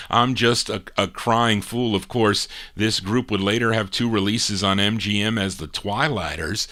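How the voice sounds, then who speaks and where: A man's voice: on the low side, a bit bright. A middle-aged man hosting a live amateur radio show, rambling and correcting himself with small chuckles. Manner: rambling, self-correcting, chuckles at own slips.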